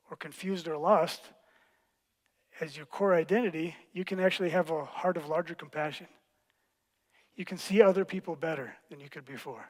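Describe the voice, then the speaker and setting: A man preaching a sermon as pastor, teaching in a playful, animated way with quick jokes. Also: a little high, long reverb tail. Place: church hall.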